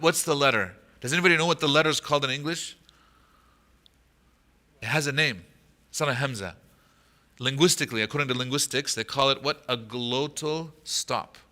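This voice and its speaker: An imam lectures a mosque audience on Quran commentary, teaching a chapter with patient explanation, posing questions to listeners and reciting short Arabic passages. His mid-range voice has a sharp tone, at normal speed with frequent pauses.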